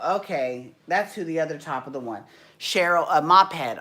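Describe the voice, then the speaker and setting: A woman's voice: low voice, expressive, moderate pace, pushed and bright. A woman hosting a casual recap show, rambling and chatty with frequent restarts and the odd swear. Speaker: podcast host recapping dance shows. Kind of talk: casual chat.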